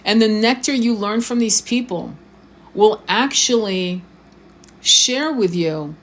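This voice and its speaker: A woman with a medium-pitched voice takes it slowly in a casual live-stream monologue. A spiritual coach and tarot reader, she's blunt and informal, swearing freely, restarting words, and regularly asking the viewer things.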